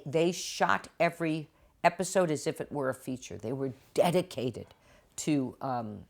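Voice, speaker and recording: An older woman, a guest actress and author, telling stories in an interview and acting out quotes with lively voices. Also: low-pitched, a little slow, creaky. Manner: animated, acts out quotes in different voices. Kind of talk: interview storytelling. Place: TV studio.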